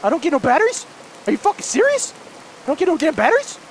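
A man hosting a horror let's play, frantic and jumpy, shouting and pleading, then muttering low to himself. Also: wildly swooping pitch, quick pace, a little hiss or hum. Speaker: gaming channel host.

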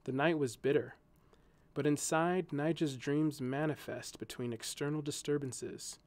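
A man reading a storybook aloud in scripted narration, with a gentle, measured telling. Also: fairly high pitch, steady tone, no room sound.

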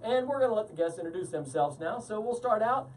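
A man hosting a live talk show, energetic and jokey, laughing often. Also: sits high, fast talker, far from the mic, a little hiss or hum. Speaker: host.

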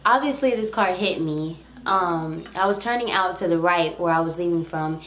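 A young woman tells a personal story in a chatty, rambling way. Her voice sits a little low for a woman. The room gives it a clear echo. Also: normal speed. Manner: chatty, rambling, animated retelling. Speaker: vlogger. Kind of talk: casual storytime. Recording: echoey room.

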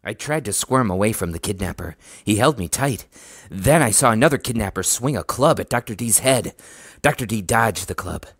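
A man reading a children's horror storybook aloud in a steady, even narration. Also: fairly low pitch, moderate pace, husky, no room sound, clean studio sound. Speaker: audiobook reader.

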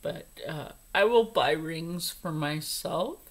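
A woman's voice: low voice, slow pace, low-quality recording. A middle-aged woman vlogger chatting casually as she unboxes jewelry, gushing over each piece and sometimes dropping to a whisper, stuffy from allergies. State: congested from allergies.

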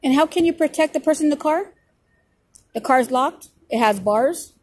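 High-voiced woman filming on the street. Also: normal speed, darkish tone. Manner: sarcastic and confrontational, raises her voice to argue. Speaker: filming auditor. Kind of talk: running commentary to viewers while filming. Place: outdoors on a city street.

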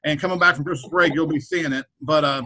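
A man's voice: a little high, steady tone, fast talker, bright, forceful tone, rough recording. A man, a middle school principal, chatting casually on a podcast, rambling with frequent repeated words and restarts. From Kansas.

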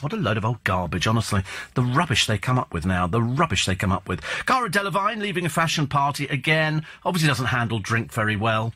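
A man hosts a talk radio show from a studio microphone, his husky voice swinging up and down in lively arcs. His tone is bright and edgy as he rambles through opinionated, sardonic gossip. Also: medium pitch, fast. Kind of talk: casual chat and celebrity gossip commentary.

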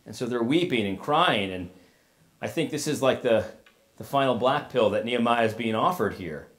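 A man preaching a sermon as pastor in a casual, conversational way, retelling a story with asides and lively paraphrase. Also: medium pitch, normal speed.

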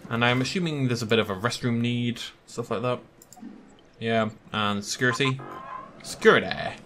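A man's voice: medium pitch, moderate pace, a bit bright, faint music behind. A young man giving casual, self-amused gameplay commentary from a desk mic, laughing often. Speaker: gaming YouTuber.

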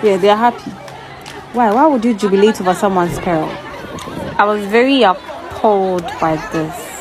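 A woman's voice: mid-range voice, moderate pace, low-quality recording. Woman ranting into her phone outside, crowd chatter all around. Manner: indignant and exclaiming. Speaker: vlogger at an event. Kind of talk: casual outdoor vlog commentary. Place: outdoor event venue.

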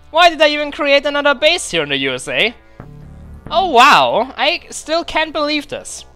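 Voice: high voice, wildly swooping pitch, normal speed, pushed and bright, faint music behind. A let's play commentator giving casual, gleeful commentary with a scratchy throat, talking to the soldiers on screen. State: throat acting up, clearing it.

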